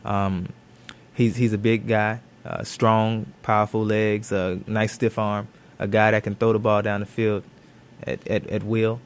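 Low, flat-voiced football player. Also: male voice, measured pace, clean tone. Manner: thoughtful, uses many fillers and restarts. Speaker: football cornerback. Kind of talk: interview answers. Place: studio.

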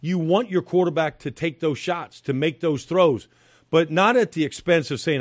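Speaking at a normal speed, a middle-aged studio guest breaks down football in a sports analysis chat. His slightly high voice is recorded dry, and he stresses his points hard, repeating phrases and using fillers.

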